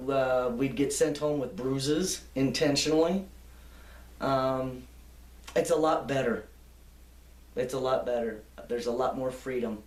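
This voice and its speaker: A woman's voice: rumbling low, a little mellow, far from the mic. An older woman being interviewed, telling long anecdotes in a chatty, laughing way. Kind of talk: reminiscing storytelling. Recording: echoey room, off-mic.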